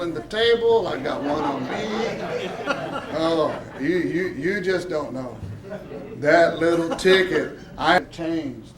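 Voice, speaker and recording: A man telling his story at a press event, excited and laughing, acting out the voices of the people he quotes. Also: fairly high pitch, slow pace, distant mic, a crowd in the background. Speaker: lottery winner at a check presentation. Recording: echoey room.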